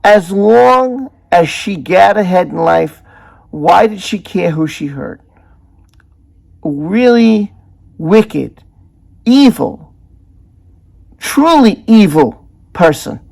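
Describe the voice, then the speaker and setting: A man's voice: high-pitched, lively intonation, drawn-out words, gravelly, pauses often, darkish tone. A man hosting his own channel, giving indignant and emphatic commentary and stacking up strong words. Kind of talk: opinionated video commentary.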